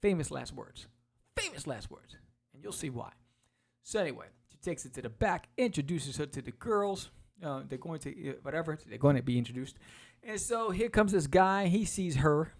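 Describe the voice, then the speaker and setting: A man hosting a podcast, walking casually through a comic book and acting out its quotes in quick voices. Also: on the high side, animated. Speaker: podcast host.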